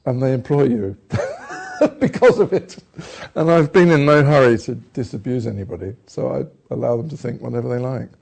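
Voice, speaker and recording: An older British man, an actor from England, telling rambling, self-deprecating stories in a relaxed conversation. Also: mid-range voice, brisk, gravelly. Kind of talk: conversational storytelling.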